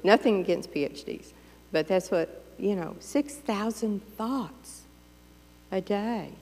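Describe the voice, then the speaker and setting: Slow-speaking woman preacher in a hall. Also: mid-range voice, a little mellow. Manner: conversational, playful, acts out inner voices. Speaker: pastor. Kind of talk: sermon. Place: church sanctuary.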